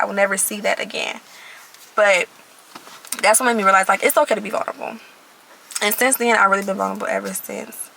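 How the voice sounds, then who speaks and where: A young woman shares her faith testimony in an earnest, emphatic way, often repeating a phrase to drive it home. Her voice is bright and sharp, with a gravelly fry running through it. She talks casually, as if to friends watching. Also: medium pitch, a little hiss or hum, low-quality recording. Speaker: vlogger sharing her testimony. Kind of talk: personal faith testimony, casual talk to camera.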